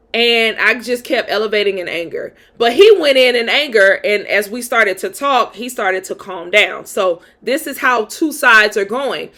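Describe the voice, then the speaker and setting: A woman's voice: on the high side, sharp tone. Chatty woman telling a storytime. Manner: candid, chatty, slangy, fillers like "like". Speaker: vlogger telling a dating story. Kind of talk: casual storytime.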